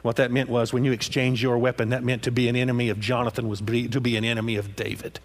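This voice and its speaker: A man's voice: mid-range voice, level tone, fast. A man preaching a sermon with passion, repeating phrases and prodding his listeners with "huh?" after each point.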